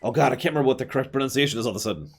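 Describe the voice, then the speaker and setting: A man's voice: medium pitch, animated, racing, creaky, breathy edge. A man giving casual, chatty commentary while streaming a video game, with opinionated asides.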